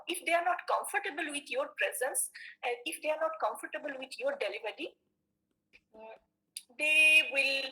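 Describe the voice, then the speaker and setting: A woman teacher talks through a lecture for her online class. Her voice sits high, bright and a little gravelly. She peppers her points with "okay" and stumbles into restarts and fillers. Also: low-quality recording.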